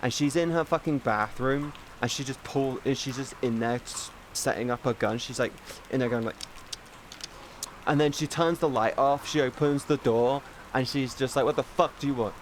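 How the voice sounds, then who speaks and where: A man chatting casually on a live stream, rambling and excitable, swearing often and restarting sentences. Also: mid-range voice, moderate pace, a little hiss or hum.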